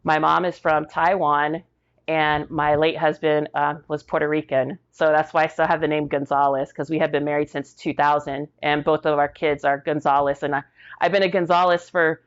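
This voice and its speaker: Low-voiced woman telling animated stories. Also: moderate pace, lo-fi sound. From Tampa, Florida. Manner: animated storyteller acting out quotes. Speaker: podcast guest, military veteran. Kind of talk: storytelling in a casual interview.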